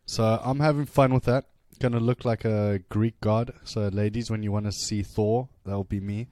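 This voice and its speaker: A man's voice: on the low side, steady tone, normal speed, dark tone, no echo. A young man co-hosting a casual podcast, joking, boastful and crude, often laughing. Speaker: podcast co-host.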